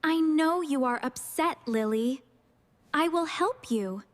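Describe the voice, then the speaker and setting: Brief: calm fair teacher, a woman plays her, slow and kind. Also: high-pitched. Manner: slow, gentle, reassuring. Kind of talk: slow storybook dialogue for learners.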